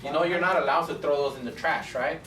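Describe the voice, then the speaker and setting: A man's voice: on the high side, quick pace, fairly bright tone, distant mic, slight background noise. Chatty man telling stories in an echoey room. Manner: chatty storyteller, acts out both sides of conversations. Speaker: barbershop owner teaching students. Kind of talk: casual classroom talk with anecdotes.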